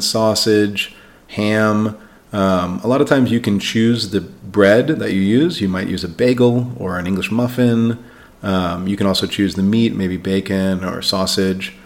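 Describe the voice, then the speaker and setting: Man, podcast host, English lesson, slow letter-by-letter spelling, lower voice. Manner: clear, slow spelling-out of words for learners. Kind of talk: scripted vocabulary lesson.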